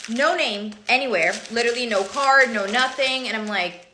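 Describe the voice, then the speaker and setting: A woman telling a personal story to camera in a lively way, acting out both sides of a phone call. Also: on the high side, normal speed, a little hiss or hum. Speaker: social media creator.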